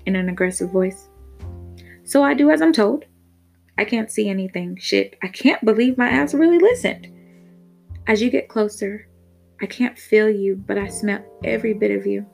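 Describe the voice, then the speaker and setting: A woman's voice: mid-range voice, gravelly, darkish tone, breathy edge. Frank woman narrating an erotic story. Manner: candid, casual, swears freely. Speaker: podcast host and storyteller. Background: faint guitar music.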